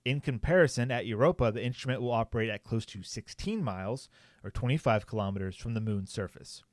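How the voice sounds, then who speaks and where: A man's voice: mid-range voice, fairly quick, no echo, clean studio sound. A man co-hosting a podcast, casually reading a news article aloud, with frequent fillers and joking asides. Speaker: podcast co-host.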